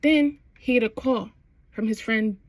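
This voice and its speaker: A woman's voice: on the high side, unhurried, dry recording. A young adult woman in casual chat, recapping a TV show with slangy phrasing and frequent laughs. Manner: chatty, slangy, laughs often while recapping. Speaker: vlogger.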